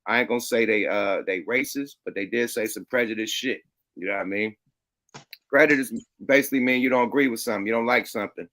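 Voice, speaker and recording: A middle-aged man co-hosting a casual talk show. His voice is bright and forceful, and his pitch sits in an ordinary middle range. He talks in loose street slang and is quick to act out other people's words. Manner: animated, slangy, acts out quotes in high voices. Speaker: podcast co-host. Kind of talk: casual chat.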